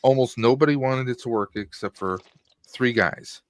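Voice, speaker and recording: A man's voice: medium pitch, normal speed, slight background noise. A man in his forties chatting casually on a stream, jokey and full of stories. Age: 40s. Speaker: guest on stream. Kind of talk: casual chat.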